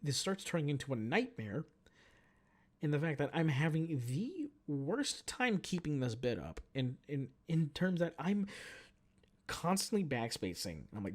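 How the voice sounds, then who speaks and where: A man in his twenties hosting a podcast, telling a story as a profane, animated casual rant. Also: medium pitch, moderate pace. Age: 20s. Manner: animated, profane, jumps between mumbling and shouting. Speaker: podcast host.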